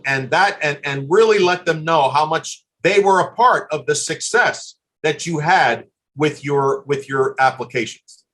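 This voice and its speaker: A man's voice: fairly high pitch, a bit bright. Earnest older man giving advice. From USA. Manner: earnest advice with frequent restarts and repeated words. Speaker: admissions consultant giving a webinar. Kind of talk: live webinar talk.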